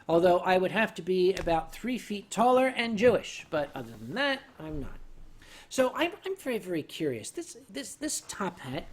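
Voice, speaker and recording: This livestream host's voice sits high, and he talks at normal speed. Sipping sake, he turns loose and tipsy while answering viewer questions. His humor is dry and deadpan.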